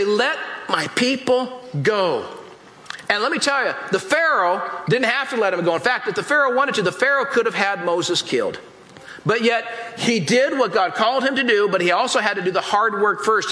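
Animated man preaching in an echoey room. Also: high voice. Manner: animated, acts out Bible scenes in voices. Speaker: pastor. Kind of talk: casual sermon.

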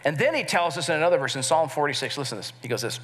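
A man's voice: on the high side, expressive, racing, a bit bright. A middle-aged man preaching a sermon as pastor, earnest, and asking the congregation to repeat key words with him. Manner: earnest, leads the congregation in call-and-response.

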